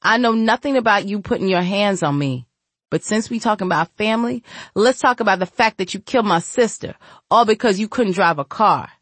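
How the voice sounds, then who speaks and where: A woman's voice: mid-range voice, brisk, dry recording, pitched above the performer's own voice, lightly acted. A woman voicing a reckless, defiant young woman with a raised, pleading voice in an audiobook.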